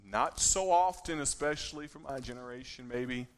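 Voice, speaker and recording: A man's voice: mid-range voice, moderate pace. Chatty man in his thirties addressing a crowd. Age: 30s. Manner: chatty and joking, checks in with listeners. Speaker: speaker at a ministry gathering. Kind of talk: informal talk to a live audience.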